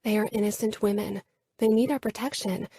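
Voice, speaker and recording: A woman voicing a gentle but determined young wife who reassures and pleads with compassion. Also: medium pitch, steady tone, fairly quick, husky. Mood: pleading.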